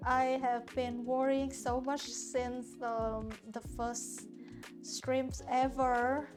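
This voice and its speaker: A woman from Hanoi, Vietnamese by first language, streams herself painting and chats with viewers, often restarting and searching for the right word. Her voice sits high with a level tone and drawn-out words, backed by soft lo-fi music.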